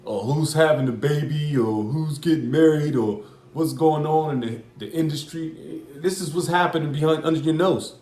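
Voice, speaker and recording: Recorded in an echoey room, this American religious commentator speaks at normal speed in a slightly mellow voice that runs on the high side. His preaching commentary is casual, repetitive and profane, with a loose street manner.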